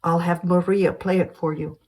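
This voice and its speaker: A woman's voice: fairly low pitch, little pitch movement, moderate pace, mellow, close to an everyday voice. A woman voicing a grown doctor daughter speaking tenderly to her mother in a screenplay reading.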